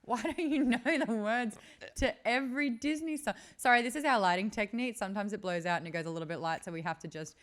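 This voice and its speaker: A woman co-hosting a podcast in casual banter, playful and teasing, breaking into bits of song and jokes. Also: medium pitch. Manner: playful, teasing, quick to joke and sing. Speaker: podcast co-host.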